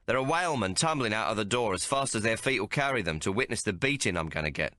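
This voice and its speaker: A man narrates an audiobook in the first person, keeping to rough, colloquial frontier dialect. His low voice is bright and lively in pitch, and the recording is dry and close. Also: fast talker, dry recording.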